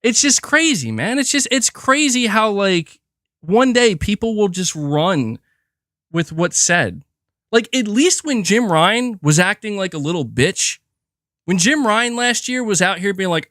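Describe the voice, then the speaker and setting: A man's voice: sits high, big pitch swings, a little slow, pushed and bright, no room sound, studio quality. A young man ranting profanely and with exasperation while commenting on gaming news on a livestream, often repeating himself.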